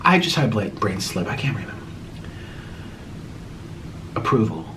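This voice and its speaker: A young man talking to his viewers in a casual vlog, his pitch leaping up and down as he swings from exasperated to mocking. A faint hiss of noise sits under his voice. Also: moderate pace. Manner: animated, dramatic swings between exasperated and mocking. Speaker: YouTuber hosting a Q and A. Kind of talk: casual vlog talk to camera.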